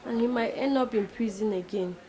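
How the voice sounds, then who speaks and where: A woman's voice: a little high, a little fast, warm tone, natural voice, low-quality recording. An actress playing a young woman politely urging her father to bring her brother home. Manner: polite, concerned. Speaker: daughter.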